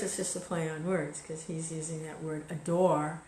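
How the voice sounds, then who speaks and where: A woman's voice: low-pitched, level tone, normal speed, few pauses, a little mellow, slight background noise. Woman giving a casual spiritual talk, roomy sound. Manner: conversational, many fillers and "you know". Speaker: devotional speaker. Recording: echoey room recording.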